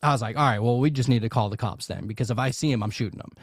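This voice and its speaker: A man from Louisiana telling a long story in casual podcast chat, animated and swearing freely, with many fillers and restarts. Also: mid-range voice, rapid-fire, dry recording. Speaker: podcast guest.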